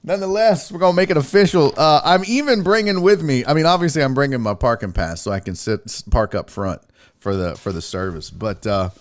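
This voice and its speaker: A man hosting a sports livestream, talking casually and firing off quick shout-outs to viewers in the chat. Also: medium pitch. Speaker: sports show host.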